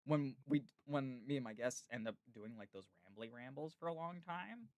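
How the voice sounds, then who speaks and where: A man's voice: mid-range voice, expressive, normal speed, darkish tone, no room sound, lo-fi sound. Laid-back man hosting a rambling podcast. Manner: rambling, laid-back, heavy use of "like" and "dude". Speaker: podcast host. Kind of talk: casual chat.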